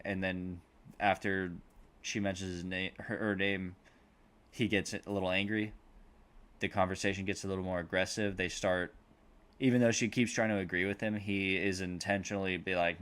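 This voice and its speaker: A man's voice: low-pitched, fairly even intonation, normal speed, fairly bright tone. A man on a podcast rambling through a film plot, swearing freely and acting out the characters' lines. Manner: rambling, swears a lot, acts out quotes. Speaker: podcast host. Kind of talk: casual movie recap.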